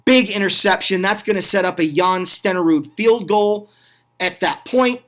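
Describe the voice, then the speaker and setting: A man giving casual play-by-play voice-over on old football clips. He talks in an excited, chatty way, asks the viewer questions, and makes small slips and corrections. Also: high-pitched, normal speed. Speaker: host of a retro football review channel.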